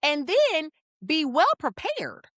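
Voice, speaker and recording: Animated woman podcast co-host. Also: high-pitched, slow pace, no echo, clean studio sound. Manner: animated storyteller, acts out quotes. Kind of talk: casual podcast conversation.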